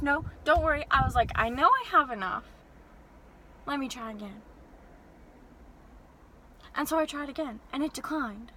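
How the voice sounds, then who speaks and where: A young woman telling an animated, exasperated story-time rant from her parked car. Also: high-pitched, slight background noise, poor audio. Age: young adult. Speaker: vlogger.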